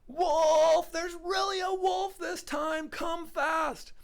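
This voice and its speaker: A man voicing a mischievous young shepherd boy in a storybook tale, shouting in high, frantic cries. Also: moderate pace, clear, resonant tone, lightly acted.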